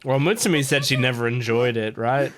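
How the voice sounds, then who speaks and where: A woman's voice: a bass voice, fairly quick. A woman hosting an anime reaction video, talking casually and emotionally, with exclamations and swearing. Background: faint anime music.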